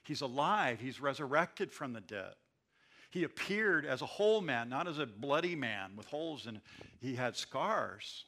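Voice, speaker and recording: A male pastor preaching with a bright, gravelly voice. He moves between loud, emphatic declarations and hushed asides to his congregation. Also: mid-range voice, big pitch swings, a little slow. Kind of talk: sermon. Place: church.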